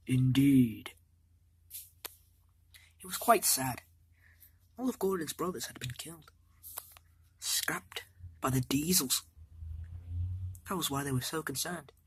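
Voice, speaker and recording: A woman's voice: low-pitched, measured pace, long pauses, a bit bright, slight background noise. A woman casually narrating a homemade toy-train story, rambling and adding offhand asides.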